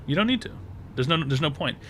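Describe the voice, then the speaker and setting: A man's voice: on the high side, lively intonation, quick pace, fairly bright tone, slight background noise. A man hosting a call-in advice show, blunt and crude, hammering points home by repeating himself.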